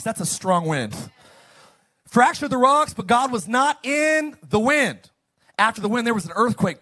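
A pastor preaches a sermon animatedly in an extremely high-pitched voice, swinging between loud bursts and hushed lines and calling on the congregation to respond.

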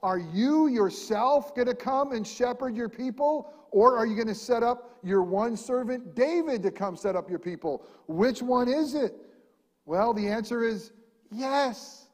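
A man preaching a sermon, animated, swinging between loud emphatic lines and quiet ones. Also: extremely high pitch, unhurried, in a large hall. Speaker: pastor.

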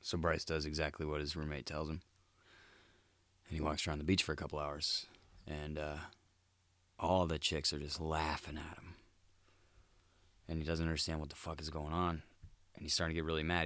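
Very deep-voiced crude male host. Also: completely flat delivery, fairly quick, pauses often, fairly bright tone, no room sound. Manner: crude, laid-back, swears a lot and says "dude". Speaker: podcast host. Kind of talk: solo comedic monologue.

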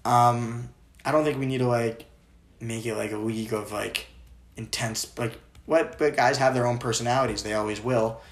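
A man's voice: mid-range voice, steady tone, normal speed. A young man from Maryland co-hosting a casual sports chat, rambling with lots of filler words. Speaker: podcast co-host. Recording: roomy echo.

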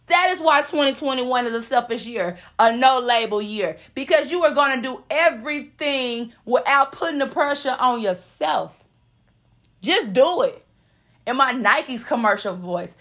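A woman's voice: high-pitched, a bit bright. A woman hosting a motivational podcast monologue, sassy and profane, preaching and repeating lines for emphasis. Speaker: podcast host.

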